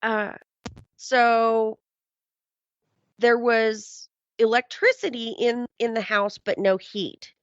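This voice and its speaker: A woman's voice: a little high, slow, pauses often, no echo. Rambling woman telling a story, lo-fi. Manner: rambling, heavy with "um" and "you know". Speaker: guest, paranormal investigator. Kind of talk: casual storytelling. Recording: dull, dry lo-fi sound.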